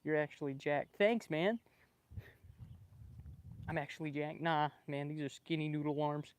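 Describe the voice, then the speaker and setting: A man livestreaming casually from his backyard with a small clip-on microphone, excitable and joking with his viewers. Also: fairly high pitch, a little slow, clean tone. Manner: excitable, laughing, swearing, chatting with viewers. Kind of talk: casual live stream chat. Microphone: small clip-on microphone with a phone.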